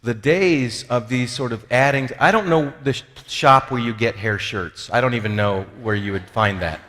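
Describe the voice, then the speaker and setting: A man of middle pitch delivers an easygoing, humorous teaching talk, slipping into little impressions of the people he quotes. His voice rings out with a long reverb, the sound of a large hall. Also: normal speed, a bit bright. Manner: conversational, acts out quoted voices, self-deprecating jokes. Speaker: speaker on spiritual formation.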